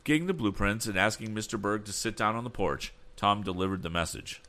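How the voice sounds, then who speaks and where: A man narrating an audiobook in a steady, expressive storytelling manner. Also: fairly low pitch, brisk, hardly any pauses. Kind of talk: scripted narration.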